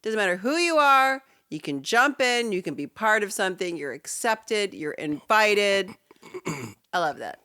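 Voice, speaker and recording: A woman co-hosting a podcast in casual chat, sick and stuffy, talking in an animated, laughing way over a remote setup. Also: medium pitch, measured pace, clean tone, dry recording, studio quality. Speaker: podcast co-host. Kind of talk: casual chat rewatching a sitcom. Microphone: remote call setup.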